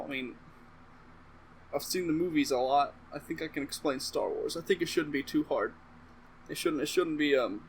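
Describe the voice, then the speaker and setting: Recorded in poor audio with a little hiss or hum, a man with a higher-pitched voice rambles casually through a comedic movie recap to camera. The vlogger swears often and keeps cutting into his own story with asides.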